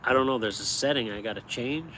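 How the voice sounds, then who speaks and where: A man from upstate New York chats into his phone on a live stream, chuckling as he tells his stories. He is outdoors and a little street noise hangs behind him. His pitch sits in the middle for a man. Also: fast. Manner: animated storyteller, chuckles often. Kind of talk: casual live-stream chat. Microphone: phone held vertically.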